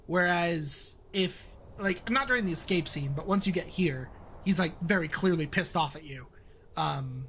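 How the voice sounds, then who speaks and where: High-voiced man, casual commentary. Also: moderate pace, fairly bright tone, slight background noise. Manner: rambling, explaining his own game. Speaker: game developer streamer.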